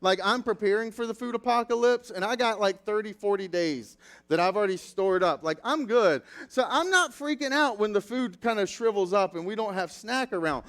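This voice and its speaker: Man, thirties, pastor: bright high voice, loose chatty sermon, lots of "like" fillers. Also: expressive, normal speed. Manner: chatty, self-deprecating, filler-heavy. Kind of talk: casual sermon with personal stories.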